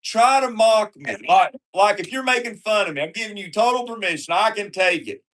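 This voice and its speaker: A man's voice: sits high, a little fast, a bit bright. A man co-hosting a casual call-in chat, teasing and insistently coaxing his guest. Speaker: co-host.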